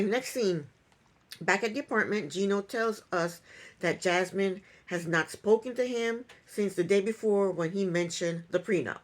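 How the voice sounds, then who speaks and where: A woman's voice: mid-range voice, lively intonation, a little slow. Woman doing a sassy reality show recap, mid-range voice, snarky and chatty. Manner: opinionated, sarcastic, chuckling asides. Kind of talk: casual TV recap commentary.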